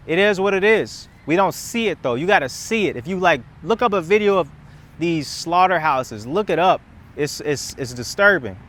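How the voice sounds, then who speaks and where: A man's voice: fairly high pitch, a bit bright. Impassioned young man ranting outdoors. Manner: impassioned, emphatic, repeats words and restarts. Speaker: content creator. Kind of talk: casual rambling monologue.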